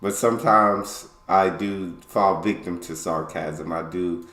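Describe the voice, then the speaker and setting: Man, very deep voice, casual chatty reactions, roomy echo. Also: fairly even intonation, takes it slowly, fairly bright tone. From United States. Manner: chatty, playful asides. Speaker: reaction video host.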